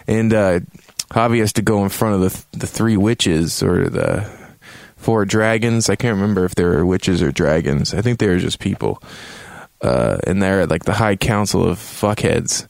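Low-voiced man rambling through a game review. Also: moderate pace, creaky, dry recording, studio quality. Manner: rambling, profane, joking. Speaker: game reviewer, show host.

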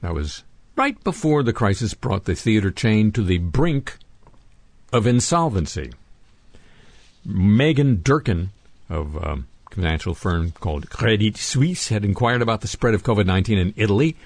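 A man with a lowish voice reads news stories on his radio show, dropping deadpan, sardonic quips between the items. The sound is close and dry, with no room around it. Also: normal speed, no echo. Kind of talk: wry news commentary.

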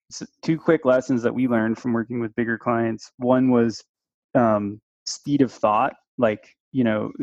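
A gravelly-voiced man speaks as a podcast guest, weighing each point in a measured, reflective way. The sound is dry and a little muffled. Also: mid-range voice, a little mellow, no room sound. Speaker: digital agency owner, guest. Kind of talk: casual business chat. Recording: dry, dull-sounding mic.

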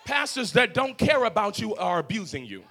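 A man preaching a sermon as pastor of a church, swinging from shouted lines to low, quiet talk. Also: big pitch swings, moderate pace. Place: church sanctuary.

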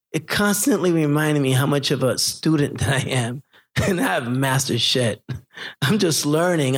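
A middle-aged man with a somewhat high voice tells stories from his photography career in an interview. He is animated, acts out the people he quotes, and laughs often. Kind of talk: interview storytelling.

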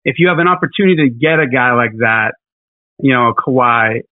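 A man's voice: mid-range voice, fairly quick, dry recording. A man co-hosting a casual podcast, talking in a rambling, hesitant way with lots of fillers. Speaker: podcast co-host. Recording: tinny phone-like line.

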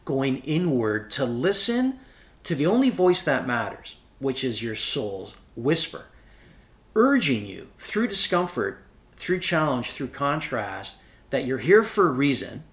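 A man speaking as an inspirational speaker, passionate and emphatic, his voice rising to high peaks as he gets carried away. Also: very animated, measured pace, fairly bright tone. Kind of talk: enthusiastic motivational talk.

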